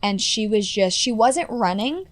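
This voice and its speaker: A woman's voice: medium pitch, animated, measured pace. A woman in her twenties telling a personal story as a podcast guest, earnest and full of fillers like "like" and "you know". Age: 20s.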